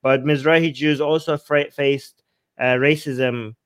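A man's voice: on the high side, steady tone, a little slow, dry recording. A man hosting a casual reaction chat, talking earnestly with frequent restarts. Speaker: host.

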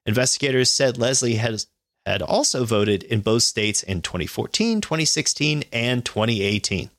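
A man's voice: mid-range voice, lively intonation, moderate pace, fairly bright tone, no room sound, clean studio sound. A man co-hosting a podcast, reading news stories aloud and adding sarcastic, profane comments and laughs. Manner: sarcastic, laughs often, swears.

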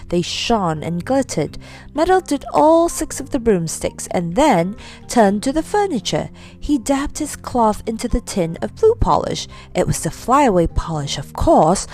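Woman reading a kids' story, voice rises and falls a lot, very expressive, soft music under it. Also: mid-range voice, measured pace.

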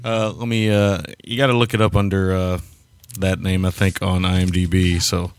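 A man's voice: low-pitched, level tone, moderate pace, clear, resonant tone, no echo. A man co-hosting a casual film chat podcast, rambling, chuckling and tripping over foreign names. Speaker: podcast co-host.

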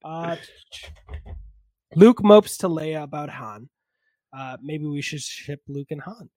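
Higher-voiced man, dry close sound. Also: takes it slowly, a little mellow, no room sound. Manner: rambling, laughs often, self-deprecating. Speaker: podcast host. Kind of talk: casual movie review chat.

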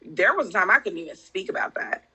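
Very bright-voiced woman talking openly. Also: medium pitch, fast, husky, rough recording. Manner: open, heartfelt, animated storytelling. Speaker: podcast guest. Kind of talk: candid casual conversation.

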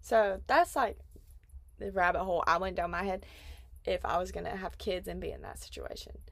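Woman in her 20s, podcast host, loose chatty delivery full of fillers, gravelly fry, dry room. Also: on the low side, lively intonation, moderate pace, no echo. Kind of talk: casual chat.

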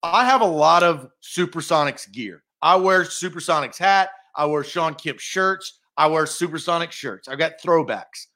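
An opinionated sports talk co-host with a high, bright voice, making his case in quick, animated bursts. He talks loosely and chattily, stacking up his reasons one after another. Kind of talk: casual sports radio chat.

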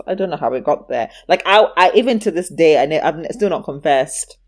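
A woman's voice: lowish voice, big pitch swings, normal speed, hardly any pauses. A woman in casual chat telling a childhood story, acting out the voices of the people in it and laughing often.

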